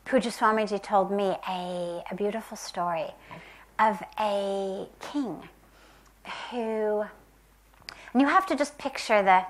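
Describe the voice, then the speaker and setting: A woman from the United States telling a spiritual parable in a soft, gentle, reflective way, sometimes dropping to a whisper. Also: mid-range voice. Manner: slow, gentle and reflective, with long pauses. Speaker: spiritual teacher. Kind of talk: spiritual storytelling talk.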